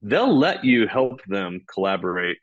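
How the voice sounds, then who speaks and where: Male podcast guest, low voice, animated explainer, dry muffled recording. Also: measured pace, no echo. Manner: animated, acts out dialogue. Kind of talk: conversational explanation.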